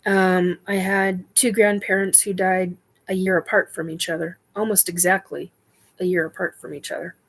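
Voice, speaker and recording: A middle-aged woman hosting a spiritual livestream chat, talking in a halting way with many ums and self-corrections while she answers viewer questions. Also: on the low side, little pitch movement, slightly rough, low-quality recording.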